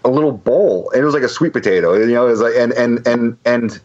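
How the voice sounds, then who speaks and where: A man's voice: mid-range voice, lively intonation, fast talker, darkish tone, dull audio. A man telling a long story on a podcast, rambling with many restarts and fillers. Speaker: podcast guest. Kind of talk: casual storytelling.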